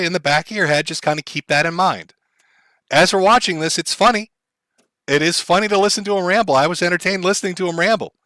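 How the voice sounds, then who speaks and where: A man's voice: a little high, pushed and bright, dry recording. Blunt, profane male stream commentator.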